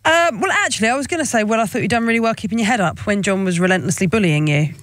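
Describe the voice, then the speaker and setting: A woman co-hosting a radio show in a studio, with playful, quick, mock-serious banter. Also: mid-range voice, lively intonation, fairly bright tone, no room sound.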